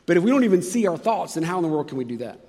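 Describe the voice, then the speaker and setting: A man preaching a sermon earnestly, acting out prayers with sudden shifts between loud and quiet. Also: sits high, very animated, rapid-fire, in a large hall. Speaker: pastor.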